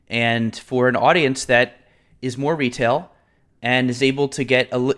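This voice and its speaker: A man co-hosting a podcast, telling stories in a chatty, animated way with fillers. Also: medium pitch. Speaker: podcast co-host. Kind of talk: casual podcast chat.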